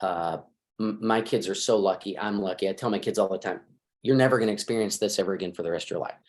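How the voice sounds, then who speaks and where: This is a fast-talking middle-aged man with a lowish voice, a marriage counselor sharing advice in a casual interview. Lively throughout, he slips into acting out lines of quoted dialogue.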